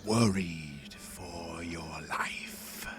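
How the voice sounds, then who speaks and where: A man voicing an ancient, monstrous spider ruler who speaks in a slow, disdainful, hushed whisper. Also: sits low, faint music behind, voice pushed down, exaggerated voice. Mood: menacing. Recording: steady background noise.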